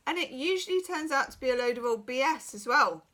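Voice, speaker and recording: A woman's voice: high-pitched, expressive, brisk, sharp tone. A middle-aged woman who is losing her voice, giving a frank, chatty private tarot reading full of reassuring asides. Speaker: tarot reader.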